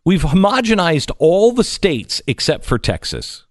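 Animated man hosting talk radio. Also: fairly high pitch, measured pace, hardly any pauses, no echo, studio quality. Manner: animated, mocking impressions, swings from loud to quiet. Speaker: radio show host. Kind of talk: political talk radio chat.

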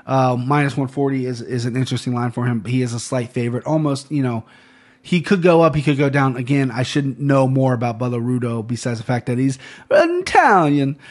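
A man's voice: medium pitch, lively intonation, a little fast. A man hosting a podcast, chatting casually and rambling through fight picks, swearing now and then and joking at his own expense. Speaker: podcast host. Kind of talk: casual sports betting chat.

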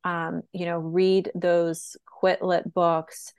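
A woman's voice: lowish voice, little pitch movement, extremely slow, darkish tone, clean tone, no room sound, clean studio sound. A woman co-hosting a podcast as a health coach, giving earnest advice in casual chat with frequent fillers.

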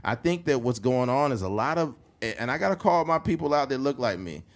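A man co-hosting a casual podcast, talking bluntly and emphatically, sometimes reading news copy aloud haltingly and rising to heated points. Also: medium pitch, big pitch swings. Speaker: podcast co-host.

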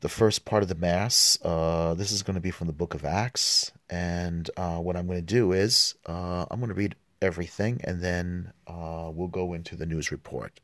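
A man hosting a podcast who reads the Mass prayers and scripture aloud, with relaxed, filler-filled asides between the readings. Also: sits low, moderate pace, few pauses, no echo.

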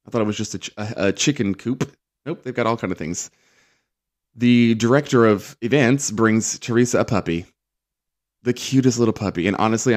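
A man hosting a casual reality TV recap, chatty and sarcastic, acting out quotes in mocking voices. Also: on the low side.

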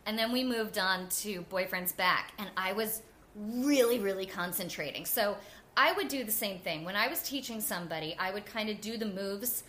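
Bright, chatty New woman. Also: mid-range voice, normal speed, slight background noise. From New Jersey. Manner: animated and chatty, with frequent "like" and laughter. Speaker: guest. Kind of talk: casual interview storytelling.

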